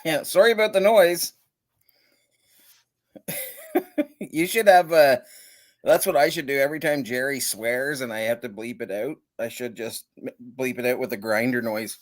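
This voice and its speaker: A man's voice: mid-range voice, normal speed, pauses often. A man chatting casually on a video call, rambling with lots of filler words and chuckling often. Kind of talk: casual chat.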